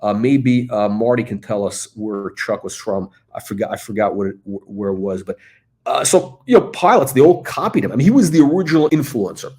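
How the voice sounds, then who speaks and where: A man's voice: lowish voice, lively intonation, fairly quick, a little mellow. A middle-aged man hosting a casual livestream, talking in a rambling way with lots of fillers and restarts. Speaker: host.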